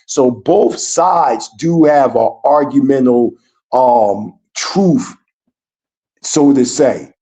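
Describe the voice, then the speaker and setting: A man's voice: medium pitch, very slow, dark tone. A man who is a guest on a livestreamed chat, talking earnestly, rambling and searching for words.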